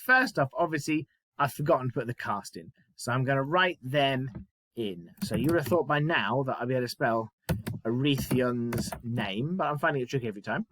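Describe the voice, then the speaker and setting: A man's voice: medium pitch, fairly bright tone, slight background noise. A man teaching a writing lesson, chatty and self-mocking, explaining step by step. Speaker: primary school teacher.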